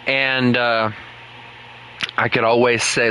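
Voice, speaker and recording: A man's voice: medium pitch, a little slow, sharp tone, a little hiss or hum, poor audio. A young man casually chatting while streaming a game with viewers, joking and mocking himself, often breaking into laughs.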